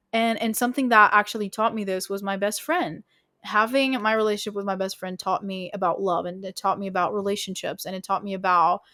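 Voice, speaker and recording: A woman hosting a podcast, giving casual relationship advice in a frank, emphatic way, swearing often and filling pauses with "like" and "you know". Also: mid-range voice, a bit bright, no room sound, clean studio sound. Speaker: podcast host.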